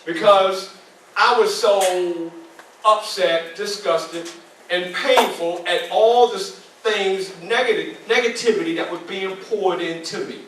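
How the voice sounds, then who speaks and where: In a club meeting hall, a 60-something man from New York delivers a repetitive, sermon-style motivational talk aimed right at the crowd. His high, fairly bright voice moves at a slow pace, and the distant mic picks up hall echo plus slight hiss or hum.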